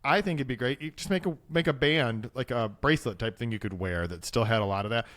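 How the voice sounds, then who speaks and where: A man's voice: medium pitch, quick pace, a bit bright, no echo, studio quality. Hesitant, thoughtful male co-host. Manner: thinks aloud with hesitant restarts. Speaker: podcast co-host. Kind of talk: casual tech podcast chat.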